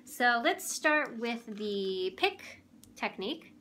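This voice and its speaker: A young woman giving a relaxed, chatty ukulele lesson, often pausing to search for words. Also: fairly high pitch, a little hiss or hum. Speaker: ukulele teacher. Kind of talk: casual instrument tutorial. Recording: clear ukulele playing behind the voice.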